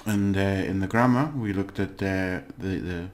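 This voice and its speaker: A language teacher with a very low voice recaps a lesson in a casual recording, relaxed and unscripted. He's patient, keeps checking in with the listener, and pauses often to gather his words.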